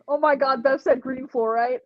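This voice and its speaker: High-voiced giggly woman livestreamer. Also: no room sound, muffled recording. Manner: chatty, giggly, reads chat comments aloud. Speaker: livestream host running a giveaway. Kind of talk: casual livestream chat.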